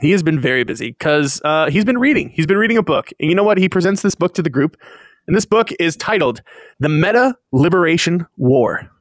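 A man co-hosting a casual chat, recapping an anime episode in a lively storytelling way. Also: a little high, brisk, no echo, clean studio sound. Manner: animated storytelling, acts out characters' lines.

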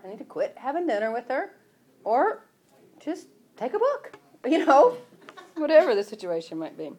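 A woman's voice: a little high, very animated, moderate pace, darkish tone. A woman hosting a casual faith talk, speaking conversationally and quoting scripture.

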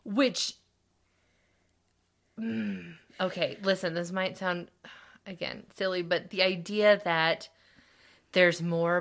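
A woman's voice: lowish voice, steady tone, slow pace, gravelly, long pauses, a bit bright. A woman co-hosting a casual book podcast, playful and full of questions. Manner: playful, jokey, asks questions. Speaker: podcast co-host. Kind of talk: casual book-club chat.

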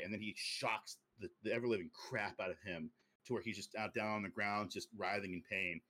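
Rambling low-voiced young guy. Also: steady tone, fairly quick. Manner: rambling storytelling with many fillers, drops low and quiet for quoted lines. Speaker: podcast host pitching a movie sequel. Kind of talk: casual chat.

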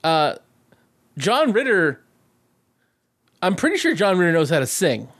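A man with a slightly high voice talks through an old movie's plot in loose, casual podcast chat. He is sarcastic and profane, and he laughs often. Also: very animated, a little slow, a bit bright. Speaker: podcast co-host.

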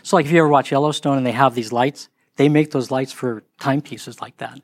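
A man's voice: fairly quick, no echo, studio quality. A middle-aged man telling a casual story, acting out the people he quotes. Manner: animated, acts out quoted voices in higher pitch.

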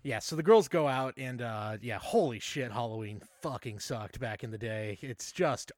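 A man's voice: medium pitch, moderate pace, dry recording, clean studio sound. A man co-hosting a podcast, recapping a film in casual chat with irreverent, profane exaggeration. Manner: irreverent, swears freely, deadpan exaggeration. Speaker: podcast co-host.

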